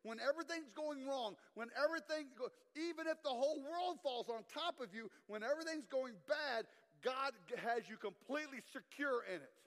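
A man, a guest preacher telling a story in an animated sermon. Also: very high-pitched, moderate pace, hardly any pauses. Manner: animated storytelling preacher, asks the crowd to respond. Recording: long reverb in a hall.

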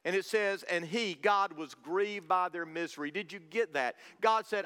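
A man's voice: high voice, moderate pace, hardly any pauses, fairly bright tone, smooth, in a large hall. A man preaching a sermon, reading scripture and pressing his point with a rising, repetitive cadence. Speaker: pastor.

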